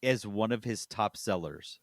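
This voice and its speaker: A man co-hosting a casual gaming podcast, reacting with lively, teasing banter. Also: fairly low pitch, measured pace, dry recording, clean studio sound. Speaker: podcast co-host. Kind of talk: casual chat.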